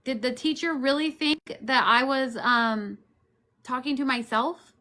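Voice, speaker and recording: A woman hosting a casual group livestream, talking loudly and joking, her phone set far back. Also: high-pitched, unhurried. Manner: loud-talking, jokey. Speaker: livestream host.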